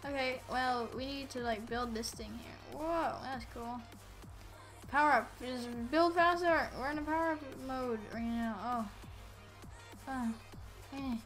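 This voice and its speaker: A woman giving casual let's-play commentary, excitable and playful, yelling at enemies on screen. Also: high-pitched, measured pace, faint music behind. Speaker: gameplay commentator.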